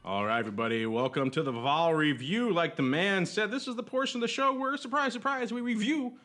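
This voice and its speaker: A man's voice: sits high, fairly quick, sharp tone, faint music behind. A man hosting a podcast in casual chat, jokey and rambling with frequent chuckles. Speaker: podcast host.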